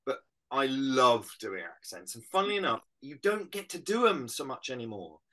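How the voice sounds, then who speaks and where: Bright-voiced British actor on a call. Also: male voice, mid-range voice, moderate pace. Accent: British English. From Britain. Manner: animated, reflective, explains with images. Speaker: actor guest. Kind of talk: casual interview on a video call.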